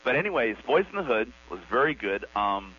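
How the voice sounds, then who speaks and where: A man's voice: mid-range voice, big pitch swings, fairly quick, sharp tone. A man from Los Angeles calling in to a radio show, chatting in a rambling, friendly way. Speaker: caller. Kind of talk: phone-in chat on a radio show. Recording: muffled phone line with hum.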